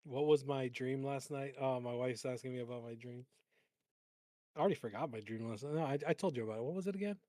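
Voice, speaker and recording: A man's voice: mid-range voice, fast, dark tone, no room sound, studio quality. Man, co-host op een livestream, losse grappige praat met lachjes, droog opgenomen. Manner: joking, laughs often, rambling asides. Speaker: co-host of live trading stream. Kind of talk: casual livestream banter.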